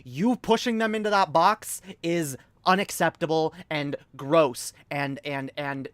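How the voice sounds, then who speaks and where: A woman's voice: low voice, measured pace, no echo. Woman, livestream host, angry, profane, repetitive rant, dry sound. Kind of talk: ranting livestream chat.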